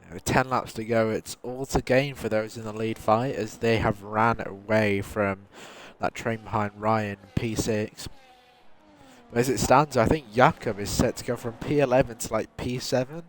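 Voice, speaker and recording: Guy calling sim race overtakes, low voice, faint hiss behind. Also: fairly even intonation, moderate pace. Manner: calls overtakes as they happen, apologetic. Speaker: race commentator. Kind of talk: sim racing play-by-play.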